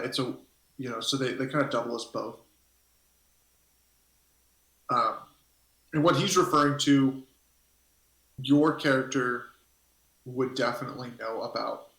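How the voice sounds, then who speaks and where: A man's voice: medium pitch, creaky, fairly bright tone. A man narrating a tabletop game as game master, rambling and hesitant as he thinks aloud. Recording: echoey room.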